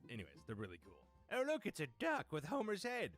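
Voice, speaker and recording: A man reacting to comics with giggly, animated commentary. His voice sits a bit high and leaps all over the place, and soft music plays faintly underneath. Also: fast. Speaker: comic reader.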